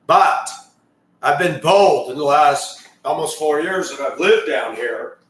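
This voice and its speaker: A man's voice: fairly high pitch, expressive, takes it slowly, a bit bright, far from the mic. A man in his fifties giving an emphatic, rambling ranting monologue with frequent restarts. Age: 50s. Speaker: video commentator. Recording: very echoey room, voice off-mic.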